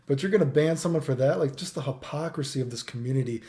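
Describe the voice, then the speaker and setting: A man rants to his channel audience in a mellow, dark-toned voice. He is heated and swears freely, and he keeps tagging his points with "right?". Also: medium pitch, fast. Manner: heated and profane, constant "right?" tags. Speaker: channel host. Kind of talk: ranting monologue.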